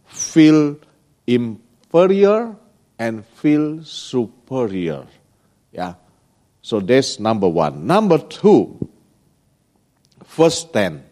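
Slow, lively male pastor. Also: medium pitch. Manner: broken English, frequent checking "yeah?" asides. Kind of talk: sermon.

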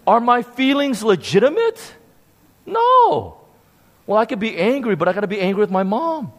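A man preaching a sermon, telling a story with animated emphasis and frequent repeated words. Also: very high-pitched, a little slow, creaky, pauses often. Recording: long hall reverb.

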